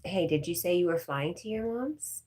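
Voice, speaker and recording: A woman with a low, husky voice hosts a relaxed livestream. She reads viewers' comments out loud and answers them in an easy, chatty way, laughing often. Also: moderate pace. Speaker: livestream host. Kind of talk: casual livestream chat.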